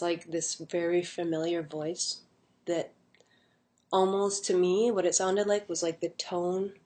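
A woman's voice: on the low side, mellow. A young adult woman casually telling a personal story at home, rambling with many fillers and restarts. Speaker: vlogger.

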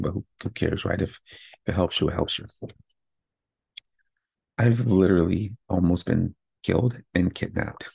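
A man's voice: sits low, vocal fry, darkish tone, slightly rough, dry recording. A man hosting a podcast, a father, giving a candid, pumped-up motivational monologue that often ends thoughts with "right?". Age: adult with kids. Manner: candid, pumped-up self-talk with frequent "right?". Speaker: podcast host.

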